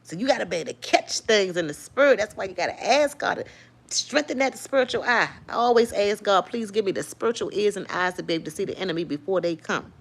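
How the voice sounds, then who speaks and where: A woman's voice: mid-range voice, quick pace. A woman telling a faith testimony to her viewers, acting out what people said and laughing often. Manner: animated storytelling, acts out quotes, laughs often. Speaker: host sharing a faith testimony. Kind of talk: lively spoken testimony to viewers.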